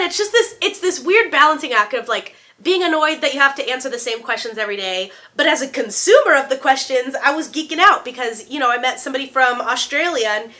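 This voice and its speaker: A woman in her thirties chatting casually to camera as a vlogger, animated and jokey, with playful asides. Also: high voice, slight background noise. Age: 30s. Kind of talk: casual chat.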